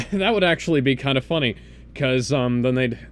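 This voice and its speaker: A man co-hosting a podcast, chatting casually in a rambling, halting way. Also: mid-range voice, animated. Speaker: podcast co-host. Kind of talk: casual chat.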